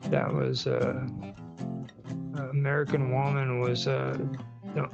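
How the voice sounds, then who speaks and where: A man with a gravelly, rough voice chatting hesitantly on a podcast. The sound is dull and lo-fi, with a faint guitar in the background. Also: medium pitch, flat delivery, slow. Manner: hesitant, full of fillers. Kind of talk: casual chat.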